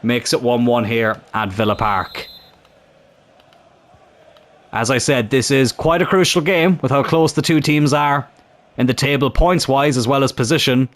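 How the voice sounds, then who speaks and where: A man commentating his own football video game match in a casual, chatty way, getting excited at big chances. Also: medium pitch, unhurried, long pauses. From Ireland.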